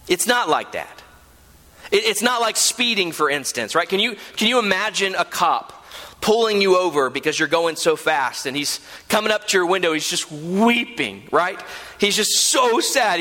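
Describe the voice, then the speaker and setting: A man's voice: fairly high pitch, sharp tone. A male preacher giving an earnest, emphatic sermon, often checking in with a rhetorical "right?". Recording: long hall reverb.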